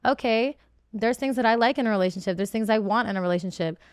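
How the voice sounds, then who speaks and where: A woman pours out her side of the story as a podcast guest, rambling and circling back with plenty of "like"s. Her voice is smooth and clear. The sound is dry and close, with no room around it. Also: on the high side, fast, dry recording. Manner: emotional, rambling with many "like"s and restarts. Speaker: reality show contestant guest. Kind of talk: candid podcast interview.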